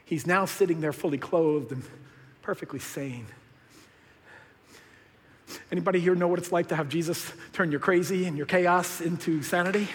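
A man preaching a sermon as pastor, swinging between hushed lines and loud, excited bursts. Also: on the high side, normal speed, pauses often, a faint crowd, a little hiss or hum. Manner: animated, swinging from hushed to shouted. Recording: long hall reverb.

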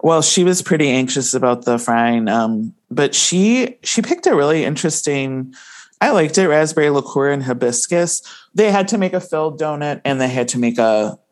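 A woman with an unusually deep voice and a Midwestern accent chats casually as a podcast co-host. She is self-deprecating and laughs often, speaking into a podcast mic. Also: lively intonation, moderate pace, darkish tone. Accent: Midwestern American. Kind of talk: casual chat. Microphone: headphones and podcast mic.

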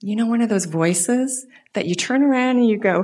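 Animated woman telling a personal story. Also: medium pitch, moderate pace. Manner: animated storytelling, dips into soft whispers. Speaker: guest speaker. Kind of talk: personal story in a church message.

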